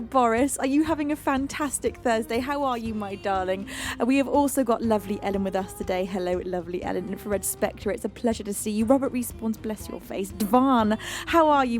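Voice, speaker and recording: Gushing woman streamer, soft music behind. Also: on the high side. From United Kingdom. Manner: gushing, affectionate, calls viewers beans. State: recovering from a lost voice. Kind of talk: casual chat greeting live chat.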